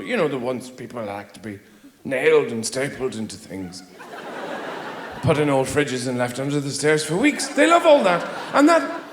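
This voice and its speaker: A man's voice: fairly high pitch, a bit bright, reverberant, a little hiss or hum. An Irish man from Ireland doing a stand-up routine on a theater stage, rambling with sardonic, mock-exasperated asides. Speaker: stand-up comedian.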